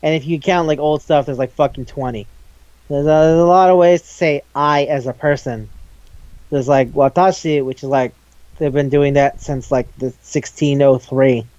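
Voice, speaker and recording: A man with a fairly high voice chatting loosely about an anime, swearing freely and tossing off quick character voices as he retells scenes. The sound is dry and a little dull, close to the mic. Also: darkish tone, no echo. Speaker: podcast co-host. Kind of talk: casual chat recapping an anime.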